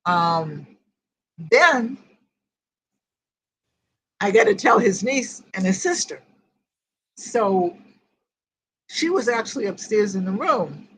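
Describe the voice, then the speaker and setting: An older woman shares a painful memory in casual group talk, and her voice sits at an ordinary middle pitch. She rambles through the story and replays every exchange with "I said" and "she said." Her delivery is plain, unpolished storytelling. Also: very animated, slow, long pauses, fairly bright tone, breathy edge, poor audio. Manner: rambling retelling that quotes each conversation. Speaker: host of a grief group. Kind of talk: personal storytelling in casual chat.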